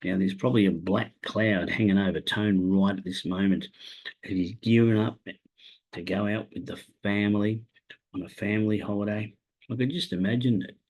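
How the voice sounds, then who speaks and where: A man's voice: fairly low pitch, steady tone, normal speed, darkish tone, muffled recording. Rambling Australian man hosting solo. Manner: rambling, self-mocking, talks to absent co-hosts. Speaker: podcast host giving racing tips. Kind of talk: solo casual chat.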